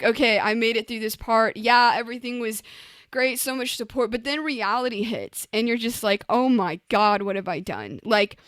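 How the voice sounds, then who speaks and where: A woman's voice: medium pitch, a bit bright, clean tone, dry recording. A young woman, a recording artist, tells her story in an interview with emotion, often saying "like" and "you know" and acting out her past words.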